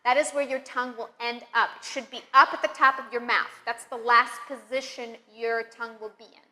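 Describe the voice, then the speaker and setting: A woman teaching English pronunciation, leading slow, careful drills with encouraging praise. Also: a little high, steady tone, pushed and bright. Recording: long reverb, room echo.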